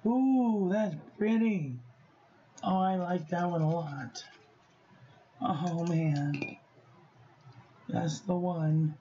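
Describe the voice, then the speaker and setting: Slow, high-voiced man reviewing inks. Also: highs cut off, slight background noise. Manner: expressive, profane, talks to himself while testing inks. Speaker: stationery vlogger reviewing inks. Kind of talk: casual unboxing vlog.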